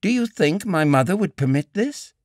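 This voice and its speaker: A pleading young woman with a soft, tearful, emotional voice, as a male audiobook narrator puts her on, pitched well above his natural range. She talks in a breathy, hurt way, and the studio sound is dry and close. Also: very animated, moderate pace, dry recording. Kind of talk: audiobook character reading.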